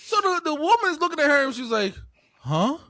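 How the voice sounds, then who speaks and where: Animated high-voiced New man. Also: brisk, crowd noise. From New York area. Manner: animated storytelling, swearing, builds to yelling. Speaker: podcast co-host. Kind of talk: casual podcast chat.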